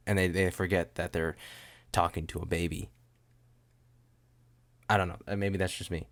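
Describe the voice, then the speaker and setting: Young guy podcasting, deep gravelly voice, rambly and jokey, says dude a lot. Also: flat delivery, moderate pace, long pauses. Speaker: podcast host. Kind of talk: casual rambling chat.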